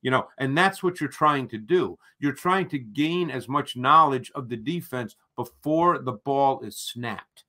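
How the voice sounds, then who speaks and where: A man with a bright, forceful voice lays out football tactics in a measured, explanatory way. He speaks at a middle pitch as an analyst co-host. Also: expressive.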